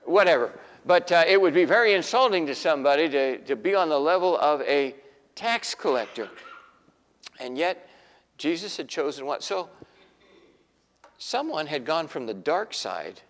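A man's voice: fairly high pitch, expressive, measured pace, pauses often, a bit bright, big-room sound. A man preaching a sermon in a folksy storytelling way, acting out the voices of the people in his stories.

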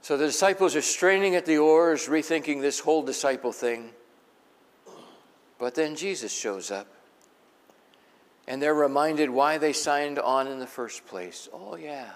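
A man's voice: a little high, a little slow, long pauses. Folksy male preacher in a big echoing hall. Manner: conversational, folksy, asks the congregation questions. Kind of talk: sermon. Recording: long echo of a large hall.

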